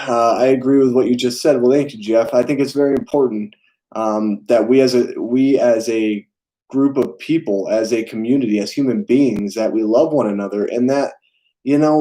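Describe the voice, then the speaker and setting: A young man hosts a relaxed live stream chat, his voice mellow and unforced. He speaks haltingly, filling pauses with ums while he reads and answers viewers' messages. His pitch sits in an ordinary middle range. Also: low-quality recording. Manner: hesitant, many fillers, reads and answers chat. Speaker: film channel host.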